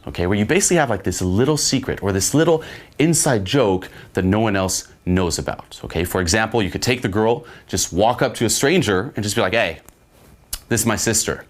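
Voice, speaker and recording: A man coaching on dating in a casual, profane way, often checking in with "okay?". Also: on the low side. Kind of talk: instructional monologue.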